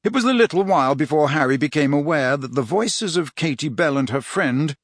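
A man narrating an audiobook in an expressive storytelling style on a close studio mic. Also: a little high, a little fast, dry recording. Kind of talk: scripted narration.

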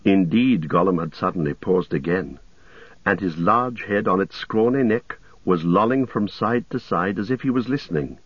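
A man narrating an audiobook in a measured, even manner. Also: low-pitched, slightly rough, no echo, highs cut off. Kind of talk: audiobook reading.

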